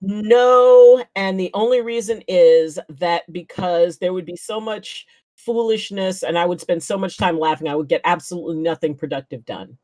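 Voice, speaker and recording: Woman, guest chiropractor, animated storyteller, acts out quotes, laughs a lot, lowish voice, dry sound. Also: moderate pace, dry recording. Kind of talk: casual storytelling chat.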